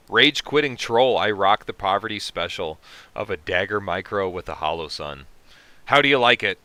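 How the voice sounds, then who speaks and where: A man with a low, bright, forceful voice hosts a casual livestream, reading chat and riffing on it with profanity and laughs. His voice is smooth and resonant, and the recording is dry and close. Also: lively intonation, moderate pace, no room sound. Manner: profane, joking, reacting to chat. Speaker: livestream host.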